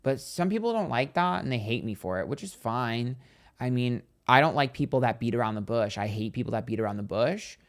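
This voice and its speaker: A man's voice: medium pitch, expressive, fairly quick. A young man, a psychic streamer, chatting casually and bluntly while reading viewer comments, with a lot of "like". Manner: blunt, candid, heavy use of "like".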